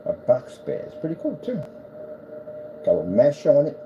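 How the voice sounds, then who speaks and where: Chatting casually for a vlog, the owner of a small projector screen business preaches about faith inside his indoor workshop of boxes and a desk, then coos at his cat playfully. His voice is warm and fairly high, with wildly swooping pitch at a moderate pace. The recording sounds lo-fi, over a noisy room background.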